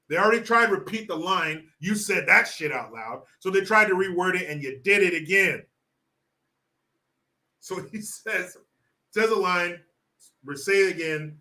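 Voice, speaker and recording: A man giving sarcastic political commentary in an animated, mocking way. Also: sits high. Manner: sarcastic, animated, laughs often.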